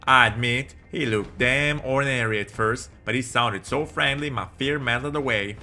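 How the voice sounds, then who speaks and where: A man's voice: mid-range voice, normal speed, sharp tone. A man voicing a plucky young male soldier with a put-on Southern US accent, reading game dialogue aloud in a folksy drawl with homespun sayings. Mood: earnest.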